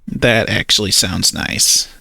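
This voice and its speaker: A man's voice: fairly low pitch, fairly even intonation, slow, creaky, sharp tone, breathy edge, no echo. A man narrating a first-person story, hesitant and awkward in his character's lines.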